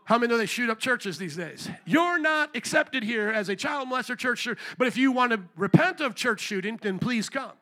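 A male pastor preaching a sermon in church, emphatic, calling out to the congregation for amens and slowing down to stress key words. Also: very high voice, lively intonation, bright, forceful tone.

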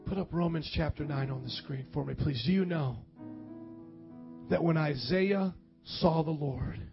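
A man preaching a sermon and reading scripture aloud, dramatic, swinging from loud calls to quiet low reading. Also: a little slow, gravelly. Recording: dull lo-fi sound with faint music.

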